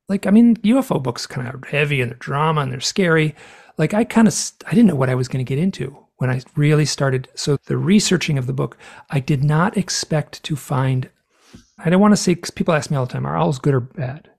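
Gravelly, earnest male storyteller. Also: fairly high pitch, brisk. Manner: earnest, animated storyteller who acts out quotes. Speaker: author and guest. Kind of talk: storytelling interview talk.

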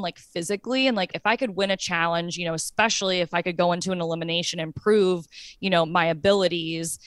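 A woman's voice: fairly low pitch, dry recording. A woman guest on a podcast, chatting casually, gushing and giggly with lots of "like". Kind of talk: casual interview chat.

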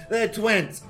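A man co-hosting a podcast, telling a story in crude, casual chat, swearing and laughing often and acting out loud quotes. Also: high-pitched. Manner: profane, laughing, acts out quotes in loud voices. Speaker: podcast co-host.

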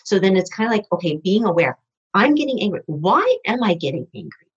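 A woman's voice: medium pitch, very animated, fairly quick, slightly rough, lo-fi sound. A woman speaking as a podcast guest in a rambling, conversational way, often restarting her sentences. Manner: rambling, with many restarts and fillers. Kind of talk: conversational interview.

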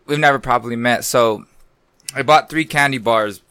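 A man from New Mexico, a comedian guest on a podcast, hoarse from losing his voice and talking in an eager, polite way. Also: medium pitch, normal speed, sharp tone, dry recording, clean studio sound. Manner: eager, polite, self-conscious. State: hoarse, lost voice. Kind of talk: casual podcast chat.

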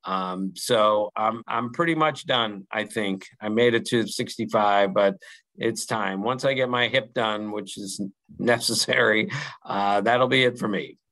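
A man's voice: on the low side, measured pace, a bit bright, low-quality recording. A man in his sixties from Maryland, a baseball reporter giving earnest opinions as a podcast guest, laughing easily. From Maryland, USA. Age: 60s. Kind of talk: podcast interview, casual chat.

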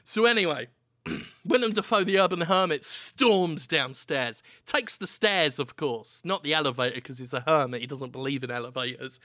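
A man's voice: a little high, normal speed, sharp tone, dry recording. A man narrating an absurd improvised comedy story on a podcast.

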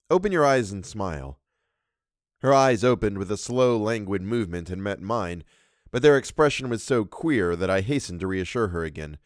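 Man narrating a horror tale for a podcast, measured and expressive, low voice, dry recording. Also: dry recording. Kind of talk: reading a horror story aloud.

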